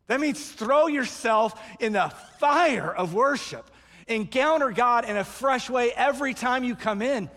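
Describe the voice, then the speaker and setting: Pastor, male, high voice, lively storyteller who acts out quotes, hall reverb. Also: measured pace. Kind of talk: sermon.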